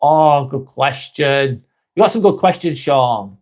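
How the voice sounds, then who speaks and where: A man's voice: mid-range voice, expressive, slow pace, a little mellow. A man, hosting a casual live stream, chatting to viewers by name, laid-back and swearing freely. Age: 40s.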